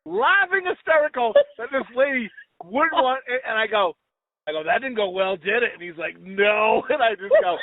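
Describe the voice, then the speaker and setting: An expressive man at a moderate pace co-hosts a podcast, wandering through crude, self-deprecating stories in a casual chat. He performs quoted dialogue in a high-pitched voice. The recording sounds dry and lo-fi, phone-like.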